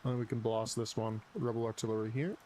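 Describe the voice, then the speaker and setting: A man's voice: fairly low pitch, a little fast, mellow, a little hiss or hum. A man live streaming, casually telling a story while gaming, rambling and swearing a lot.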